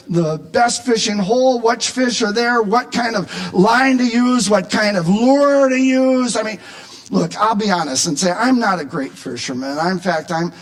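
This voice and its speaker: High-voiced, emphatic male preacher. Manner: animated and emphatic, at times shouting. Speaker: pastor. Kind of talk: sermon.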